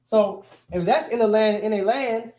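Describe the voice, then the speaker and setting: High-voiced casual male teacher. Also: moderate pace, darkish tone. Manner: casual, keeps checking with "right?". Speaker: language teacher. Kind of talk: classroom teaching.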